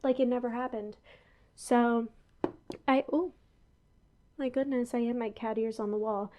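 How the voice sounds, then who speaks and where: Chatty young woman podcaster, slightly high. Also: fairly even intonation, measured pace, dull audio. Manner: chatty and rambling, with frequent laughs and asides. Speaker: podcast host. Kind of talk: casual chat. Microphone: headphones on, talking into a podcast mic.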